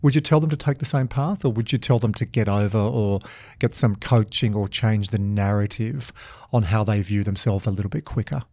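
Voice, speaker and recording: A man's voice: fairly low pitch, a little fast, warm tone, no echo. A man hosting a casual podcast interview, asking questions with enthusiastic, playful, teasing banter. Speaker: podcast host.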